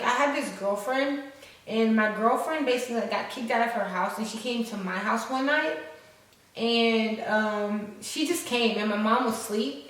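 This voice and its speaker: A young woman vlogger tells a personal story, casual and profane, playing up the drama for her viewers. Her fairly high voice echoes heavily around the room, and the mic sits at some distance. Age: 20s. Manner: frank, profane, dramatic, talks to viewers as y'all.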